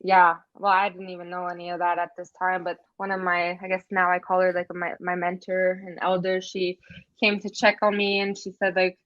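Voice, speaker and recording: Flat-voiced woman from Canada. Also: fairly low pitch, a little fast, no echo, dull audio. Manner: earnest, matter-of-fact, frequent "like". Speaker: podcast guest. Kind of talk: personal storytelling in conversation.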